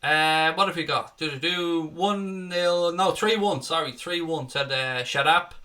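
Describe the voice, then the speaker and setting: A man's voice: a little high, unhurried, pushed and bright. A man hosting a casual live stream, chatting, swearing freely and reading out viewer comments.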